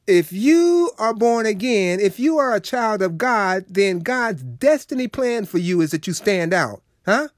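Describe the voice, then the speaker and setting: A man's voice: high-pitched, very animated, measured pace, hardly any pauses, dry recording, studio quality. A man preaching a radio sermon, folksy and preachy, talking straight to his listeners.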